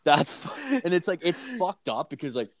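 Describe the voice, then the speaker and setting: A man in casual chat, telling stories in an animated, profane way and breaking into laughter. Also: fairly high pitch, moderate pace.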